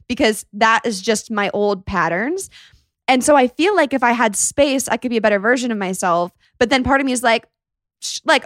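A woman's voice: fairly high pitch, a little fast, a bit bright, no echo, clean studio sound. A woman hosting a podcast, talking in a candid, reflective and chatty way. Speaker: podcast host. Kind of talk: podcast conversation.

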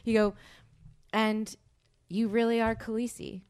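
A woman's voice: fairly high pitch, little pitch movement, a little slow, a little mellow, smooth. A young woman hosting a casual chat, telling stories frankly with lots of laughter. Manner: chatty, giggly, frank storytelling. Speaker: podcast host.

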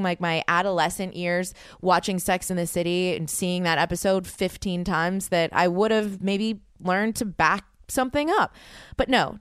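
A young woman hosting a podcast, telling a story in a dramatic, animated way, full of fillers and quick restarts. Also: mid-range voice, clear, resonant tone, no echo, clean studio sound. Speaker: podcast host.

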